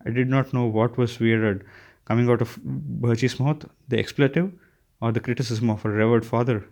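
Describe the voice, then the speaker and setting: A male narrator reading fiction aloud at an even, unhurried pace. His voice sits in an ordinary middle range. He occasionally trips and restarts a phrase. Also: mid-range voice, vocal fry. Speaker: audiobook narrator. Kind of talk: scripted narration.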